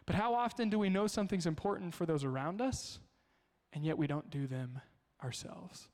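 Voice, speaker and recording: A man preaching a sermon as a pastor, telling stories in an animated way in a church. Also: sits high, normal speed, in a large hall. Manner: storytelling, animated.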